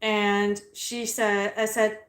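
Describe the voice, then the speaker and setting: A woman talks loosely and bluntly in a casual vlog, with plenty of swearing. She sounds loud and straightforward, and her pitch sits in the middle. The room around her is echoey. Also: flat delivery, slow pace. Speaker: vlogger.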